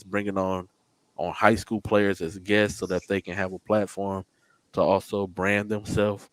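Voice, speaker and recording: A man hosting a high school basketball show, relaxed and casual as he plugs the show. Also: no echo. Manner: relaxed, plugs the show and teases his co-host. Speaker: host. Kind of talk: casual sports show chat.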